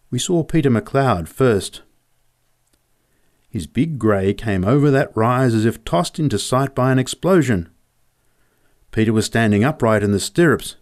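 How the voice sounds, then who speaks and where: A man reading a humorous memoir story aloud in a vivid, measured way. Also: on the low side, darkish tone.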